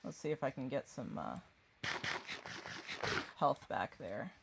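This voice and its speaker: A woman's voice: a bass voice, big pitch swings, takes it slowly, vocal fry, very noisy. A woman streaming a game, chatting casually and rambling, often distracted. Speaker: gaming streamer. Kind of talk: casual chat while gaming.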